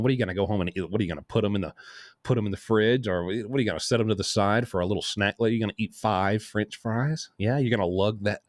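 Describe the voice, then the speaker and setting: Low-voiced man telling a rambling anecdote. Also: no echo, studio quality. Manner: rambling, lively anecdote full of asides. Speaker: host. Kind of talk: casual storytelling.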